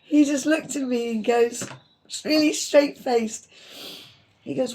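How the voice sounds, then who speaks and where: A woman's voice: high voice, takes it slowly, a little mellow. A woman telling funny stories in casual chat, often laughing as she talks. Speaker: podcast co-host.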